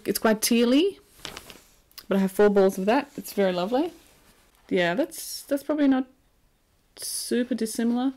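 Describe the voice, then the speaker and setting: A woman's voice: medium pitch, mellow. A woman with an Australian accent, chatting casually and playfully about yarn in her knitting vlog. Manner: chatty and playful, prone to silly asides. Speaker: knitting vlogger. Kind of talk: casual chat.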